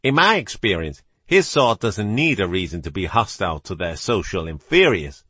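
A man's voice: low voice, sing-song, moderate pace, bright, forceful tone, husky, no room sound, exaggerated voice. A man voicing a composed older actor posing as the great detective, speaking with a British accent in a dry, precise manner. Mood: cool, assured.

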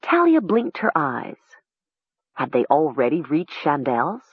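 A woman narrating an audiobook in a measured, expressive way. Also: sits low, husky, no room sound, lo-fi sound.

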